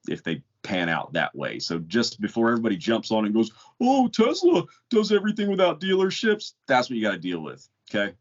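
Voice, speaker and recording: Deep-voiced blunt man on a lo-fi podcast. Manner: storytelling, blunt, rambling with restarts. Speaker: podcast co-host. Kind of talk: casual chat. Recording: dull lo-fi podcast audio.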